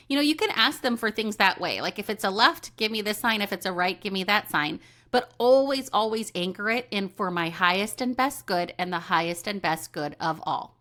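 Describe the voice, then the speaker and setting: A woman's voice: medium pitch, animated, normal speed, a bit bright. A woman hosting a solo podcast, chatting casually and animatedly about intuition and readings, often acting out what people say. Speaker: podcast host and intuitive medium.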